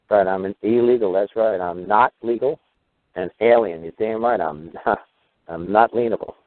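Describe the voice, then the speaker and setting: Joking low-voiced man on a phone line. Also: normal speed, no echo. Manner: joking, riffing with wordplay. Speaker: talk show host. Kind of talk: casual call-in radio talk. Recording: tinny phone line, dry.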